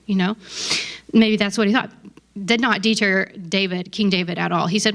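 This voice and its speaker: A woman's voice: medium pitch, fairly even intonation, moderate pace, fairly bright tone. A woman pastor giving a casual sermon, conversational and emphatic, with asides to her listeners.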